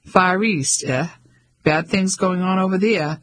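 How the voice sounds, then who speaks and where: A man's voice: high-pitched, a little slow, a bit bright, pitched above the performer's own voice, low-quality recording. A man reading the part of a bluff, opinionated older English colonel in an audiobook. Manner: bluff, opinionated, self-satisfied.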